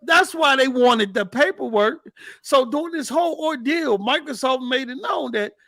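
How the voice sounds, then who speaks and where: Animated high-voiced man talking games. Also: gravelly, dry recording. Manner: animated, rapid, repeats words when excited. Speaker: podcast host. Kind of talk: casual gaming chat.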